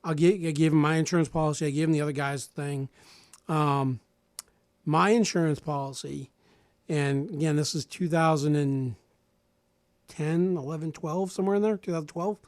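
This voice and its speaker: Animated middle-aged man telling a story. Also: fairly high pitch, moderate pace, no room sound, studio quality. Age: 40s. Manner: animated storyteller who acts out other people's lines; frequent restarts and repeated words. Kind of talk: casual radio talk, telling a personal story.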